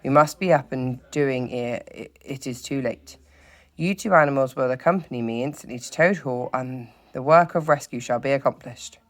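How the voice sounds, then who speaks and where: A teacher reading aloud, voicing a stern, solemn old male badger who speaks gravely and with authority. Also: medium pitch, close to an everyday voice. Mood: commanding. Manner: grave, commanding, deliberate. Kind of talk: storybook read-aloud.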